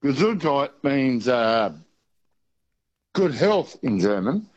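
Slow Australian caller on a dull line. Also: male voice, mid-range voice, sing-song, a little mellow. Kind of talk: phone call to radio.

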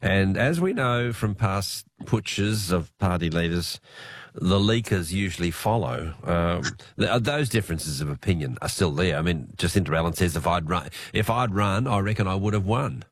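An Australian man hosting late-night radio news, his voice hoarse from illness, chatting in a relaxed way with many fillers. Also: sits low, moderate pace, no room sound. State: hoarse, unwell voice. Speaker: radio host.

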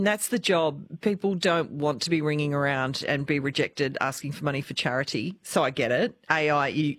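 A woman with an Australian accent hosting a talk radio show, lively and chatty. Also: low-pitched. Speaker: radio host.

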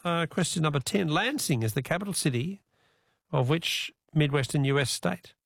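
An Australian man hosts a talkback radio quiz from the studio. His slightly high voice has a gravelly edge, and the dry, close studio mic keeps it up front. He sounds easygoing and chatty, and he slows right down whenever he reads out a question. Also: animated, dry recording. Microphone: studio microphone.

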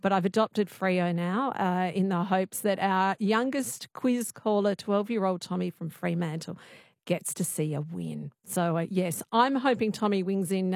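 A woman's voice: mid-range voice, no room sound, studio quality. Chatty woman radio host. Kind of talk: late-night radio talk show. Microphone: studio microphone.

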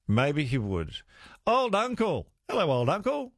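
Man, radio call-in host, animated, dry studio sound. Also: fairly high pitch, a little slow, dry recording. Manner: warm and chatty, laughs often. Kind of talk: casual radio call-in chat. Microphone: studio mic.

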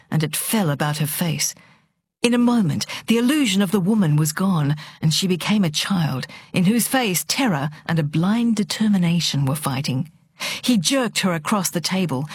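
Brief: woman narrator, dramatic audiobook reading, lowish husky voice, lively delivery. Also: dry recording. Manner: expressive, dramatic. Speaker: book reader on radio.

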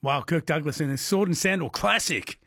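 A man's voice: on the high side, brisk, a bit bright, breathy edge, no room sound, studio quality. A man hosting an overnight radio quiz in a chatty way, laughing often with callers. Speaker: radio host.

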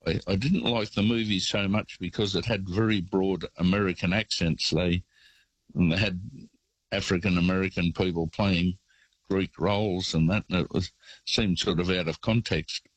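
Deep-voiced Australian man on a call. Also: normal speed, breathy edge, no echo, poor audio. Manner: rambling, anecdotal, relaxed. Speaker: caller. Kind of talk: casual phone-in storytelling.

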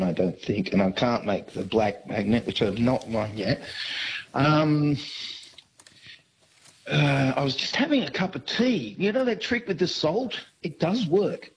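A man's voice: mid-range voice, a little hiss or hum, low-quality recording. A man calling in to a radio quiz, rambling and hesitant with many ums. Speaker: caller. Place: phone line.

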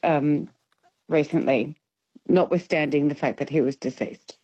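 A woman's voice: low-pitched, measured pace, husky. A woman calling in to a radio quiz, chatty and amused at her own family's customs. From Irish family. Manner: warm storyteller, laughs at herself. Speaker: caller. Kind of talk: casual phone-in chat. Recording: dull phone-in line.

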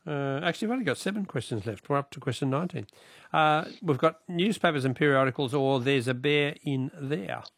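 An Australian man hosting a radio quiz, briskly reading out questions and counting off the ones left. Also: medium pitch, expressive, gravelly, dry recording, studio quality. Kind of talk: radio quiz and caller chat.

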